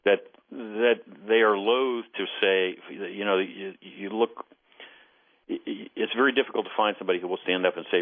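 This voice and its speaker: A man, a former intelligence case officer, speaking as a guest on a call-in radio interview. He is earnest and deliberate and often repeats words as he starts a thought. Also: fairly low pitch, fairly even intonation. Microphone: telephone. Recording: phone line.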